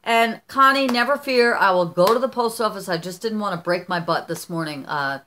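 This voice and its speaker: Middle-aged american woman vlogging, gushy and rambly, kinda low voice. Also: lively intonation, brisk, fairly bright tone, a little hiss or hum. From United States. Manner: gushing, effusive, rambling with restarts. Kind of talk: casual chat opening fan mail.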